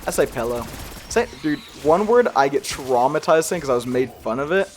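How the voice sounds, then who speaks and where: A man's voice: fairly high pitch, animated, a little fast. A young man with a slight accent he tries to hide, giving casual gameplay commentary in a rambling, self-deprecating way with frequent laughs. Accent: slight regional accent he tries to hide. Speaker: gaming youtuber.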